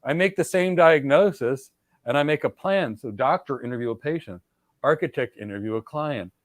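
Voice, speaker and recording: A man's voice: medium pitch, expressive, moderate pace, no echo. Emphatic middle-aged man giving advice. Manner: emphatic, repetitive, lecturing with direct address. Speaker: podcast host and cloud architecture mentor. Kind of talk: energetic advice talk.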